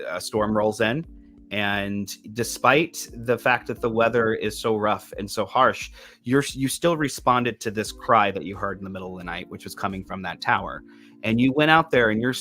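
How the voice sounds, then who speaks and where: A man's voice: on the low side, fairly bright tone. A man who is a medium, telling a long tarot story in casual podcast chat, rambling with frequent restarts. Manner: rambling, with many restarts and fillers. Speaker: medium giving a tarot reading.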